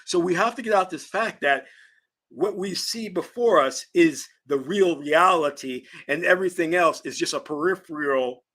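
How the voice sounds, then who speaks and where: A husky man from Virginia lectures on a livestream in an emphatic, preaching way. His voice sits a little high for a man, and he stretches key words out slowly to stress them. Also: a bit bright. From Virginia, US South. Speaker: spiritual teacher and channel host. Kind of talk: lecturing livestream talk answering chat.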